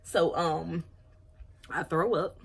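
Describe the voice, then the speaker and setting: A woman's voice: fairly low pitch, slow, creaky, breathy edge. A woman around thirty telling a personal storytime on her vlog in a candid, chatty way, apologizing when she overshares. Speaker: vlogger.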